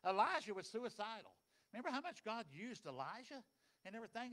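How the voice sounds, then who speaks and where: A man preaching a sermon, folksy and dynamic, swinging between loud and soft. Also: sits high, sing-song, brisk. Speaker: pastor.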